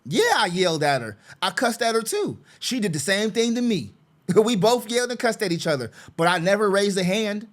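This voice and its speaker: A man's voice: high-pitched, lively intonation, normal speed. A man talking through his court papers in a casual walkthrough, repeating himself, sarcastic and exasperated. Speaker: father representing himself in a custody case. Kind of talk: casual screen-share walkthrough.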